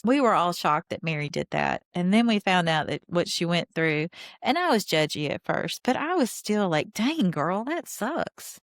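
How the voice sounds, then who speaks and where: A woman's voice: mid-range voice, no echo, clean studio sound. A woman hosting a podcast, giving opinionated, indignant commentary while rewatching a reality show and talking straight to her listeners. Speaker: podcast host.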